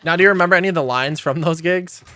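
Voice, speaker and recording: A man hosting a podcast, eagerly asking his guest questions and making quick callouts while they play a game. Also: on the high side, sharp tone, a little hiss or hum. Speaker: podcast host. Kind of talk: casual podcast chat while gaming.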